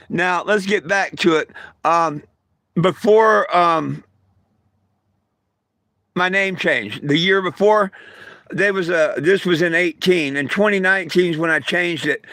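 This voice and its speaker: An older man with a high, sharp, bright voice, recorded close and dry. He talks in a folksy, plain-spoken way and turns combative and crude when he answers his critics. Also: takes it slowly, long pauses, no room sound. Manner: folksy storyteller with homespun grammar. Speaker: vlogger. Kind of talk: casual rant to camera.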